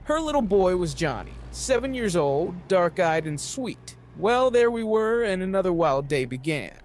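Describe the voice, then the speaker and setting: A man reading a novel aloud as narrator, with an expressive delivery. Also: high voice, normal speed. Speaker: audiobook narrator.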